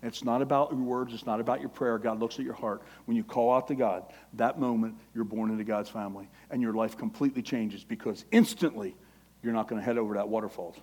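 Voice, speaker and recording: A man preaching a sermon with passion, quoting scripture and acting out prayers, his voice rising when he gets excited. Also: mid-range voice, brisk, husky. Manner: impassioned, quotes scripture, acts out prayers.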